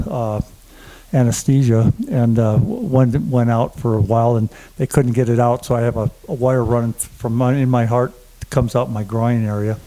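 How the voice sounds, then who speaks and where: A man giving a halting personal testimony to a conference audience, full of fillers and restarts. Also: mid-range voice, dark tone, rough recording. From German family. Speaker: conference speaker. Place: conference room before an audience.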